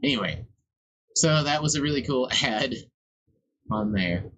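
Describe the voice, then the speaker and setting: A man's voice: mid-range voice, lively intonation, a little slow, a bit bright, poor audio. A man livestreaming while working on a song, chatting in a loose, rambling and profane way. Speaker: livestreamer making music. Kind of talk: casual live-stream chat.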